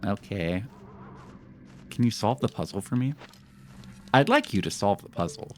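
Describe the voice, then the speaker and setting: A man's voice: fairly low pitch, moderate pace, slight background noise. A man streaming a video game live, chatting to viewers and joking about his own mistakes. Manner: animated, talks to chat and jokes about his fails. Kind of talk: live gameplay commentary.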